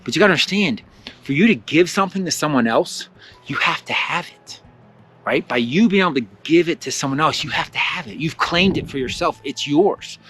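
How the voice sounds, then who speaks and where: Guy doing a chatty spiritual self-help talk, voice a bit on the high side, lots of "like" and "you know". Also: a little fast, slightly rough, soft background music. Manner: chatty and animated, with many fillers and acted-out quotes of his own thoughts. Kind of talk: casual storytelling and guided teaching.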